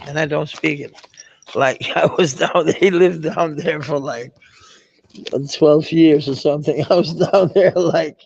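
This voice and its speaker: On the high side yet gravelly, husky and a little mellow, the voice of a man with a Danish accent moves at a measured pace. He chats on a live stream in a meandering, profane way with many restarts, captured in dull lo-fi sound.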